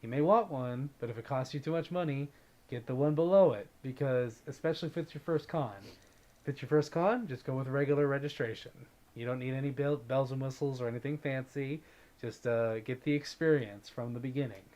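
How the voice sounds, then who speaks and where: A man's voice: medium pitch, brisk, dark tone. An upbeat man hosting a casual livestream, chatting easily and reading out viewer comments. He greets viewers by name and keeps the tone light and friendly. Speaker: livestream host.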